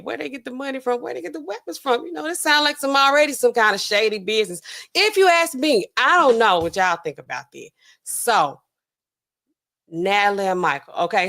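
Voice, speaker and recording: A woman pharmacist hosting a casual true-crime livestream, chatting straight to her viewers with big swings of pitch. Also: gravelly, fairly bright tone. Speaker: pharmacist host.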